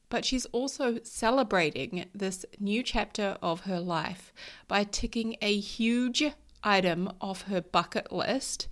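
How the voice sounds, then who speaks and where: A woman, hosting a podcast as a life coach, sounding nasal from a cold and talking in an upbeat, blunt way. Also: mid-range voice. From New Zealand. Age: 30s. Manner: upbeat, blunt, swears casually. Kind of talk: casual chat.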